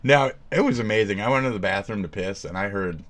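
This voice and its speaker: A man livestreaming a profane, sarcastic rant, jumping from loud outbursts to low mumbles. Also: quick pace. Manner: profane, sarcastic, swings between shouting and mumbling. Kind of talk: casual stream rant.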